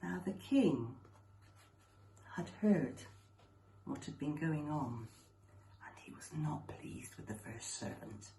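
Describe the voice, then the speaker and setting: A woman telling a children's story at a school assembly, slow and expressive, recorded with a roomy echo. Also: sits low, in a whisper.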